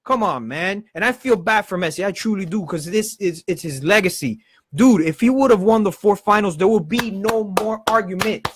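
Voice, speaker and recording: A man hosting a live football show, ranting with passion and swearing, in fast heated bursts. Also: high-pitched, expressive, fairly bright tone, breathy edge. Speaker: football channel host. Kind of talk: passionate live-stream rant.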